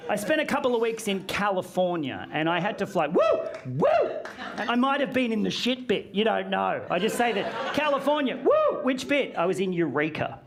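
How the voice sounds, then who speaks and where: A man doing a comedy bit, mocking and shouting out impressions of cheering crowds. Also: sits high, expressive, brisk, vocal fry, hardly any pauses, a crowd in the background.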